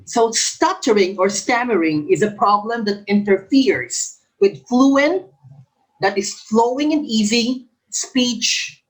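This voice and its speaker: A man's voice: high-pitched, takes it slowly, poor audio. A male English professor with a lisp, coaching future teachers through exam questions by reading each one twice and explaining the answer. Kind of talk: exam review lecture.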